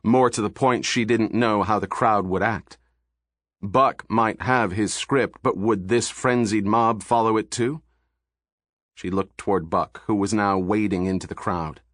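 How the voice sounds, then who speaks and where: A man reading a thriller audiobook in steady, measured narration, recorded on a studio microphone. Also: on the low side, no room sound.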